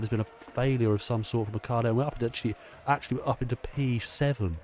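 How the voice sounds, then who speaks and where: A man, host of a gaming channel, excitedly commentating his own racing game with a chatty, casual manner. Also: medium pitch, fast, slight background noise.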